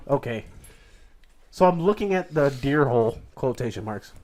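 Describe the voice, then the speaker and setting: A man's voice: medium pitch, normal speed. A man co-hosting a casual podcast from a home kitchen, telling stories with lots of laughter. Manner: animated storyteller, laughs often. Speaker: podcast co-host. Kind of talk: casual chat.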